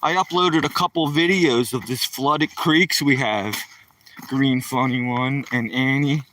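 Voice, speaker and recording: Speaking at a measured pace in a mid-range, pushed and bright voice, this older retired Philadelphian chats casually with viewers on a night-time live stream while out walking his dog. He greets them playfully with "yo, yo, yo," and the distant mic picks up no room sound.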